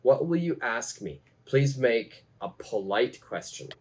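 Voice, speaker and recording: A man teaching an English lesson, speaking slowly and repeating each phrase for learners. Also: mid-range voice, big pitch swings, a little mellow. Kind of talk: slow, deliberate teaching.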